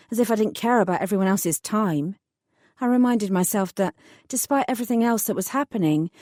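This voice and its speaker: Mellow, dry woman narrating. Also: medium pitch, no room sound. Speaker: audiobook narrator. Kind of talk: first-person audiobook narration.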